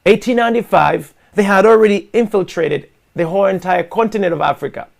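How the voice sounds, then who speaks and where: Gravelly, high-pitched impassioned male host. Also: brisk. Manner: forceful, repetitive, addresses listeners as guys. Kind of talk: impassioned monologue to an online audience.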